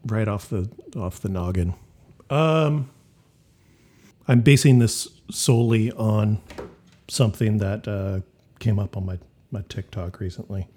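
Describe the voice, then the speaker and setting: A man's voice: lowish voice, unhurried, pauses often, dark tone, breathy edge. Man, casual podcast chat, blunt, swears a lot, mocking. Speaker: podcast co-host.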